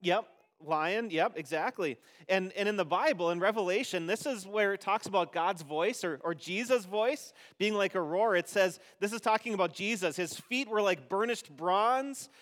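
A man leading a children's message during a church service, talking gently and playfully with many restarts. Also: sits high, normal speed, hardly any pauses, in a large hall. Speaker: pastor. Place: church sanctuary.

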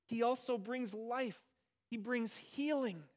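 A pastor preaching a sermon, speaking emphatically and slowing down to stress key phrases, sometimes soft and sometimes loud. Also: male voice, extremely high pitch.

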